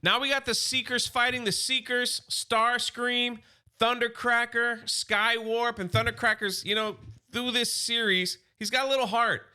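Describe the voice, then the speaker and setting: A man's voice: extremely high pitch, flat delivery, measured pace, sharp tone, clean tone. A man casually recapping a comic story as an enthusiastic fan, loose and chatty with some restarts. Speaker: comic book YouTuber.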